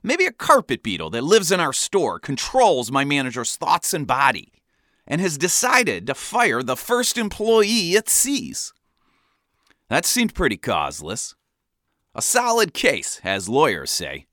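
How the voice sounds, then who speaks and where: A man telling a comic first-person story in a wry, animated way. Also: medium pitch, measured pace, no echo, studio quality.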